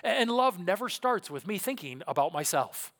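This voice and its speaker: Male pastor, slightly high voice, emphatic sermon with loud-to-hushed swings and rhetorical questions, long reverb of a hall. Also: very animated, normal speed. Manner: asks rhetorical questions, frequent "right?".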